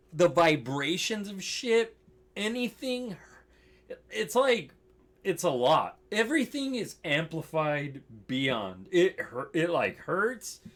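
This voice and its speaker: A man's voice: sits high, a bit bright. A young man casually telling a story, laughing often, swearing and saying "like" a lot.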